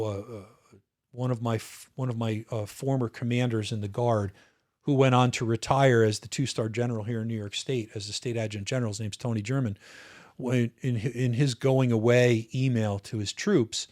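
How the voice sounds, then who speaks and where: A man in his fifties speaks as a guest in a relaxed conversation. He looks back earnestly and thoughtfully, stopping and restarting his phrases as he goes. His voice sits at an ordinary middle pitch for a man. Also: moderate pace. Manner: earnest, reflective, frequent restarts. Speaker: podcast guest, retired officer. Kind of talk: casual interview storytelling.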